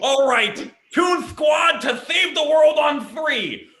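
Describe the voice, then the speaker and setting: Very high, shouty man in an echoey room. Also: slow pace. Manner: shouty and excitable. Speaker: improv performer. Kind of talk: improvised stage comedy.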